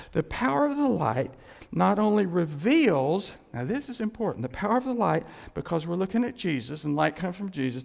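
Animated preacher in a reverberant hall. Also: male voice, high voice, creaky. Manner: animated, conversational preaching with asides and laughs. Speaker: pastor. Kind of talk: sermon.

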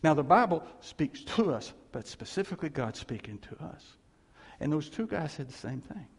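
Man, preacher, storytelling sermon, lively swooping pitch, husky voice, long hall echo. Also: normal speed. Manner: animated, laughing, acts out quoted voices.

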